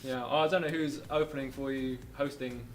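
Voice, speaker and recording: A man's voice: medium pitch, steady tone, fairly quick. A man interviewing a guest, asking casual questions and adding brief encouraging interjections. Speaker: radio interviewer.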